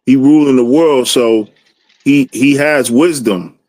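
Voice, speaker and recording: A man's voice: medium pitch, takes it slowly, darkish tone, no echo. Laid-back man in casual conversation. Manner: loose, conversational, frequent "you know what I mean". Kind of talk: casual religious discussion.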